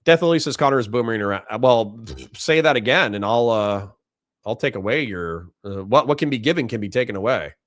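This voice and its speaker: A young man streams casually, reading chat and answering in a blunt, profane way. His voice sits at an ordinary middle pitch. The sound is dry and close, with little room echo. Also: lively intonation, fairly quick. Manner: blunt, profane, reads donations aloud in mock voices. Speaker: livestream host reading chat.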